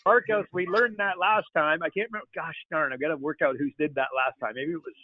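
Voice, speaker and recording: A man hosts a casual online Q&A, joking and calling everyone buddy. His voice sits a little high, with dry, phone-like audio. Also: steady tone, fast talker, dry recording. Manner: upbeat, jokey, calls people buddy. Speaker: host of a software Q&A call. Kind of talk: casual video call chat. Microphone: video call. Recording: tinny phone-like call audio.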